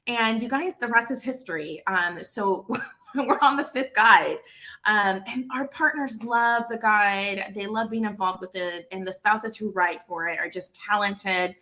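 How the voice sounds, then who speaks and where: A woman in her thirties, founder of an association, telling a casual story full of fillers and lively quoted dialogue. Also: mid-range voice, a little slow. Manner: chatty, lots of fillers, animated quoted dialogue.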